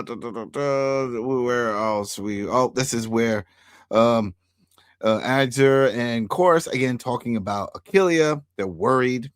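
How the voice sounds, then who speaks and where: A man's voice: mid-range voice, no room sound, clean studio sound. A man co-hosting a casual TV recap chat, laughing often and humming filler sounds as he talks. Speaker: podcast co-host.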